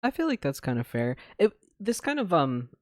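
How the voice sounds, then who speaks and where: A woman's voice: lowish voice, very animated, normal speed, a little mellow, no room sound, studio quality. A woman co-hosting a podcast, easygoing in casual chat and laughing along. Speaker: podcast co-host.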